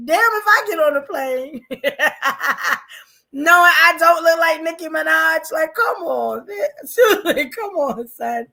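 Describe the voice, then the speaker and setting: A woman from New hosts a live podcast. Her voice sits very high and sounds bright and forceful. She comments bluntly and animatedly, laughing often. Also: creaky. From New York. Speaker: podcast host.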